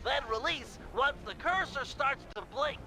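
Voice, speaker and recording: A man voicing a helpful mission advisor in a video game, giving the pilot calm, instructive briefings over game music. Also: extremely high pitch, unhurried, full character voice, rough recording.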